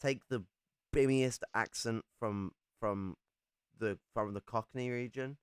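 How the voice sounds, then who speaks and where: A man's voice: medium pitch, slow, clear, resonant tone, dry recording, clean studio sound. A young man from England in casual chat, rambling and swearing a lot as he talks.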